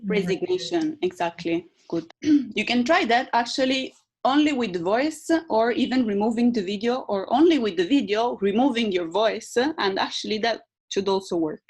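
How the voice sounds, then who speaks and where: A woman's voice: on the high side, lively intonation, normal speed, breathy edge. A woman teaching presentation skills in an online tutorial, with hesitant fillers and demonstrative emphasis. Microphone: video call.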